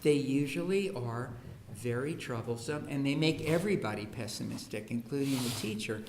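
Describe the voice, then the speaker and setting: The speaker is a man with a mid-range voice who talks at a moderate pace, barely pausing, as he delivers a comic talk about education. He voices the children and parents in his anecdotes, and the echoey school hall adds a faint hiss to the audio.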